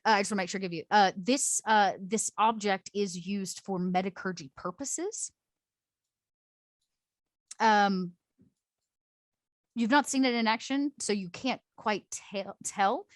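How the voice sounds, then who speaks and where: A woman's voice: mid-range voice, unhurried, long pauses, no room sound, studio quality. Hesitant woman game master. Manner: hesitant, many fillers. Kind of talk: narrating a tabletop game.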